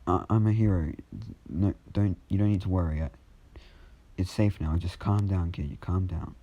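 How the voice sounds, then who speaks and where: A steady hero voiced by a man who talks a scared kid down, repeating himself gently. The voice is low and gravelly with a husky, dark grain. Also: moderate pace, muffled recording. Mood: soothing. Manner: soothing, repetitive reassurance. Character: calm adult male hero reassuring a child.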